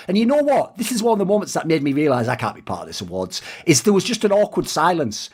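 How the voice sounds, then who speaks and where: Fast, animated man ranting. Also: fairly high pitch, breathy edge. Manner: fast, profane, sarcastic, mocking voices. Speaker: esports commentator and video host.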